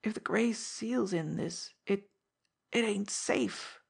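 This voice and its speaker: A woman's voice: medium pitch, takes it slowly, voice pushed up, exaggerated voice. A woman voicing a frail, frightened old man who stammers and whispers. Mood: fearful. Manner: quavering, stammering, breathy whispers.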